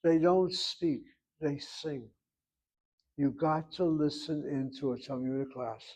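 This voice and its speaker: A man's voice: fairly high pitch, takes it slowly, darkish tone, poor audio. A man with an American accent giving a Hebrew grammar lesson in a blunt, emphatic classroom lecture style. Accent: American English. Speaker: Hebrew instructor.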